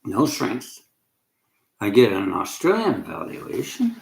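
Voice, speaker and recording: A man rants to camera in a rambling, agitated way, often dropping a sentence halfway through. His voice swings widely in pitch. The room around him sounds bare and echoey. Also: huge pitch swings, unhurried, creaky. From Canada.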